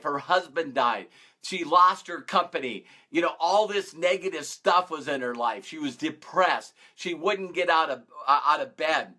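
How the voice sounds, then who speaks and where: A man's voice: sits high, sharp tone. A man giving a motivational talk to his viewers, emphatic, acting out his own past reactions in quoted lines. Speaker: motivational coach.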